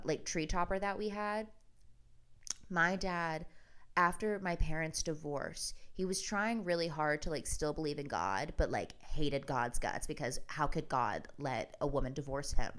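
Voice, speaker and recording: Low, smooth-voiced woman telling wry stories. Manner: profane, wry, animated with bursts of laughter. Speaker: comedian and vlogger. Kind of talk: casual storytelling vlog.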